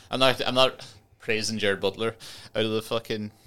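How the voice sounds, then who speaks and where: A man's voice: on the low side, a little slow, a crowd in the background. A young man with a Donegal Irish accent, half Northern Irish, chatting casually as podcast host, rambling and swearing with frequent laughs. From Ireland, Donegal border area. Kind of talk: casual chat.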